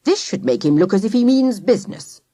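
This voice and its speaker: A woman reading the part of a brisk, bossy aunt. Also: medium pitch, expressive, mellow, dry recording, natural voice.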